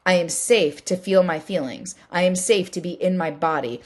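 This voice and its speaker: A woman's voice: lowish voice, normal speed. A woman hosting a solo podcast, talking earnestly and emphatically in a casual way that includes swearing, and repeating her key phrases for weight. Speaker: podcast host.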